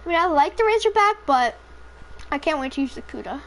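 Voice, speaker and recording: A woman's voice: high voice, lively intonation, brisk, fairly bright tone, slight background noise. A woman casually commentating her own gameplay, rambling, swearing freely and joking about how tired she is. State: tired, throat feels off.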